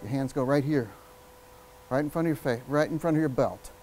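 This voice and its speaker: A man giving a live public speaking workshop, energetic and emphatic, shifting his speed and volume and using long pauses. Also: medium pitch, a little hiss or hum, low-quality recording. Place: workshop room with an audience.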